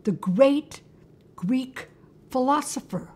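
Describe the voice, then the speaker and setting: A touchy old Greek philosopher voiced by a woman telling a story asks, wounded and self-important, whether anyone knows his work. The voice is fairly high and breathy. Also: expressive, takes it slowly, mellow, heavily acted. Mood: proud. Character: proud old Greek male philosopher, easily offended.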